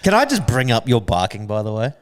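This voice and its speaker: A man's voice: mid-range voice, huge pitch swings, brisk. A man, co-hosting a podcast, who laughs often and teases playfully in casual chat. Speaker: podcast co-host.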